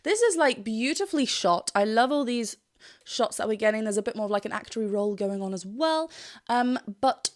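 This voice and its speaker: A woman's voice: a little high, expressive, a little fast. A woman with a British accent, a vocal coach chatting enthusiastically while analysing a singer and sometimes singing a phrase. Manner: enthusiastic and chatty, often sings short phrases to demonstrate. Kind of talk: reaction video with vocal analysis. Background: faint music from the video being reacted to.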